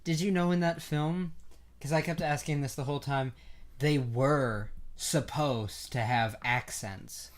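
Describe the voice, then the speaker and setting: Brief: playful podcast co-host, mid-pitched, giggly casual movie chat. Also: steady tone, unhurried.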